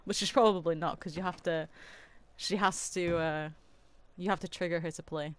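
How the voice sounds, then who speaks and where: A young adult woman streaming a video game in casual chat, excitable and dramatic, often gasping and laughing. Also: lowish voice, moderate pace, clear, resonant tone.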